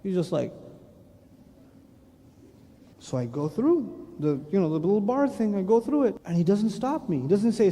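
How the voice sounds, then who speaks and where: A man's voice: sits high, normal speed, pauses often, big-room sound. A man giving a sermon with stories, acting out little dialogues and laughing often. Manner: animated, acts out dialogue and quotes in changing voices, laughs often. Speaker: preacher. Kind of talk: lecture-style sermon with storytelling.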